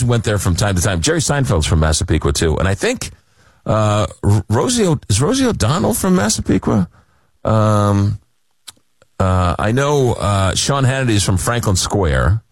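A man hosts a late-night call-in radio show. His low voice swings widely in pitch as he rambles through animated, self-deprecating stories. The sound is dry and close. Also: no echo. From Long Island, New York. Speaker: radio talk show host. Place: radio studio.

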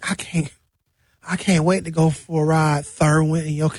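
A man voicing a giddy woman riding in a convertible, in a high squealing falsetto. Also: little pitch movement, moderate pace, a little mellow, slightly rough, no echo, clean studio sound. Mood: excited.

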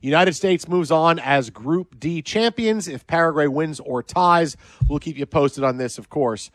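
A man hosting sports talk radio, telling stories in an animated, chatty way. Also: a little high, unhurried, no room sound.

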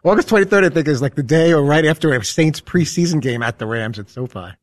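A man on a talk show's crew, joking and rambling in quick casual banter. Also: fairly high pitch, no room sound. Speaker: show crew member.

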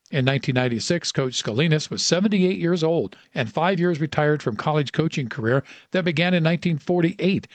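A man's voice: on the high side, no room sound. Man narrating a story, dry and close. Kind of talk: scripted narration.

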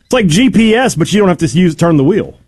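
Lively, husky radio host. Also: male voice, sits high, fast talker. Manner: lively, joking, reads ads conversationally. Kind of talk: casual sports radio banter. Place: radio studio.

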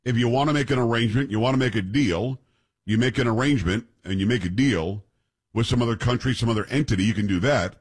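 A man's voice: mid-range voice, quick pace, slightly rough. A man hosting a podcast, chatting casually and reading news aloud, joking and tripping over foreign names. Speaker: podcast host.

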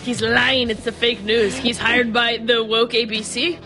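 A woman's voice: fairly high pitch, level tone, unhurried, pushed and bright, faint music behind. A woman doing a comic impression of a boastful male politician, bragging and repeating herself on a sports radio show. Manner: bragging, repetitive, self-praising.

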